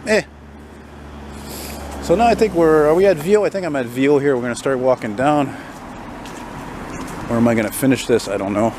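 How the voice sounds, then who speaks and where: A man's voice: medium pitch, noisy background. Grumbling man ranting on a city walk. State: tired and unwell. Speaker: vlogger. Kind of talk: walking vlog rant. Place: outdoors on a city street.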